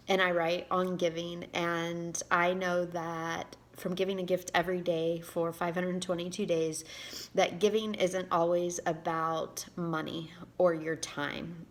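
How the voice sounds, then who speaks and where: Emotional woman reading her own book. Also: on the low side. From Indiana, USA. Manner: emotional, halting, reading aloud with pauses. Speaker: author and giving speaker.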